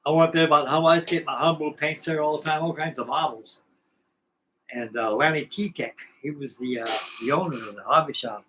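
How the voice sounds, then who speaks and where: A man's voice: fairly high pitch, brisk, pushed and bright, a little hiss or hum, poor audio. Older man spinning folksy hobby yarns. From California. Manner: folksy, salty, digressive. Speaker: model-building channel host. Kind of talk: rambling casual storytelling.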